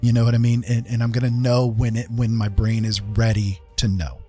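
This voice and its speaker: A man hosting a casual live-stream chat, earnest and reassuring, talking haltingly with many fillers and restarts. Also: medium pitch, level tone, dark tone, breathy edge, soft background music. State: getting a little emotional.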